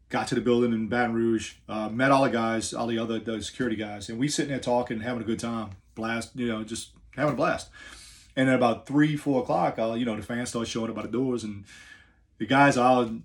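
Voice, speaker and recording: A middle-aged man from the New Orleans area with a New Orleans accent, a wrestler telling a story in a laid-back, rambling way with many fillers. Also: medium pitch. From New Orleans area, USA. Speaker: professional wrestler. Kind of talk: casual storytelling.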